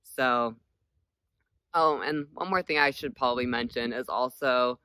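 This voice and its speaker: A man in his late twenties chats to camera in a casual, hesitant way, leaning on "like" and "um". His voice is bright and smooth, and the sound is dry and close. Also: mid-range voice, a little slow, dry recording. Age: late 20s. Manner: hesitant, many "like" fillers. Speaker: vlogger.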